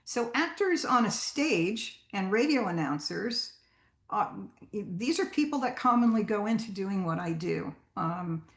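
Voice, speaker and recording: A woman's voice: mid-range voice, lively intonation, a little slow. Chatty woman voice actor, roomy echo. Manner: chatty, with fillers and restarts. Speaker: voice actor giving a talk. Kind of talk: informal talk to a writers group.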